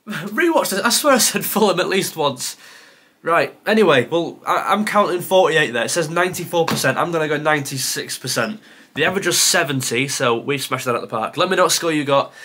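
A man's voice: a little high, animated, a little fast, sharp tone, husky. Man muttering through a quiz, sighing. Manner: mutters to himself, sighs, self-deprecating. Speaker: football content creator. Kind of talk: thinking aloud during a timed quiz.

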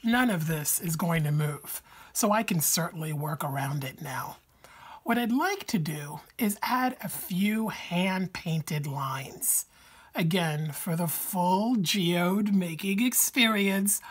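Slow, husky-voiced woman crafter. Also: fairly low pitch, animated. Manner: slow, careful and explanatory. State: slightly hoarse from a cold. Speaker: craft tutorial host. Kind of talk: step-by-step tutorial narration.

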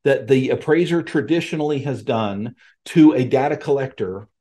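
A man's voice: medium pitch, normal speed, warm tone. A man hosting a podcast from his home office, giving an emphatic monologue and speaking straight to his listeners as folks and friends. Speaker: podcast host.

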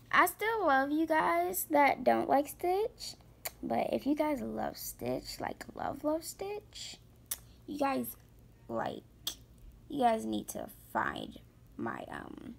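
A woman giving excitable, gushing commentary to her viewers while shopping in a game. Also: high voice, vocal fry. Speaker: gaming vlogger.

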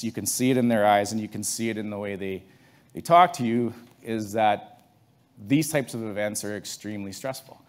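A man from Canada speaks to a conference room in a relaxed storytelling way, pitched right in the middle for a man. He often doubles back and restarts his sentences as he talks things through with the audience. His delivery sounds unscripted and friendly rather than polished. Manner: conversational storytelling, many restarts. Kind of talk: conference talk.

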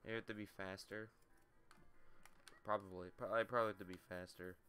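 A young man with a runny nose mutters and curses his way through a video game, teasing himself as he goes. His voice sits a little low yet sounds bright and clear. Faint game music plays underneath. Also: fairly even intonation, a little fast. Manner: sweary, self-mocking, talks to himself. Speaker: let's play gamer. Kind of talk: casual gameplay commentary.

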